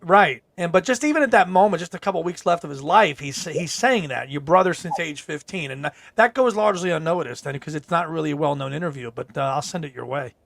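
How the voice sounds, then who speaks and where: A man's voice: a little high, expressive, quick pace, vocal fry, few pauses, fairly bright tone, no room sound. A man co-hosting a podcast, chatting eagerly and quoting interviews. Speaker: podcast co-host. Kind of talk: casual podcast conversation.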